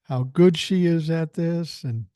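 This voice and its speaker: A man's voice: a little high, slow pace, dark tone, no room sound, clean studio sound. A man in his sixties hosting a podcast, telling a rambling, chatty story with filler words while feeling unwell. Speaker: podcast host. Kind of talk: casual storytelling.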